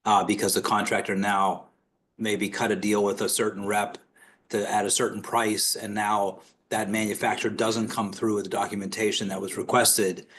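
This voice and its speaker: A man in a webinar asking a long, rambling question and clearing his throat now and then. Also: fairly low pitch, a bit bright, a little hiss or hum. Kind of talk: casual spoken question.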